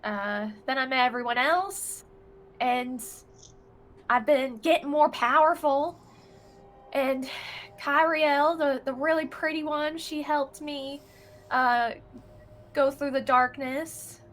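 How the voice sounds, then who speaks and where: A nervous young girl adventurer from a tabletop game, voiced by a woman, rambling and halting as she pours out her story. Her voice sits high and bright, and she talks slowly, with faint noise in the background. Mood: anxious. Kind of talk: in-character tabletop role-play.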